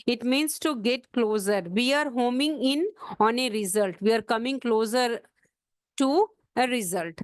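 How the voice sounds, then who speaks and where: A woman teaching an exam-prep English vocabulary lesson, spelling words out letter by letter and slowing down to show where the stress falls. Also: on the high side, no echo.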